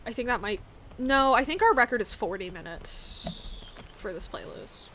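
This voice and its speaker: Bright-voiced young woman streamer. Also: fairly high pitch, lively intonation, normal speed, slight background noise. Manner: rambling, jokey, talks to herself while playing. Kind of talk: casual gameplay chat.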